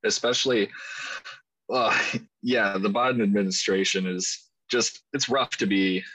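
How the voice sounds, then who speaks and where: A man's voice: on the low side, a little slow, sharp tone, slightly rough, rough recording. A man co-hosting a podcast, casually agreeing and chuckling along. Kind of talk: casual chat.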